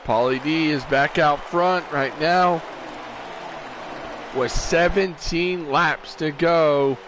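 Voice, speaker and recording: A man's voice: on the high side, takes it slowly, fairly bright tone, slight background noise. Tired man calling a sim race. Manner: casual, rambling, stops to correct himself. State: tired, yawning. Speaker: race commentator. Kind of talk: sim racing commentary on a stream.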